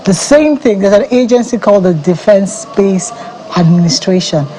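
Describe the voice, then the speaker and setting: A woman's voice: medium pitch, animated, normal speed, mellow, slight background noise, rough recording. A Nigerian woman, head of an agency, explaining confidently as a guest in a TV news studio interview. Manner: confident, explanatory, laughs easily.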